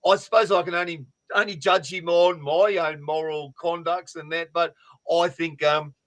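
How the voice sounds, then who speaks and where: A man co-hosting a fantasy sports podcast, telling stories in a loud, sweary, animated way over a remote call. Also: a little high, moderate pace. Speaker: podcast co-host.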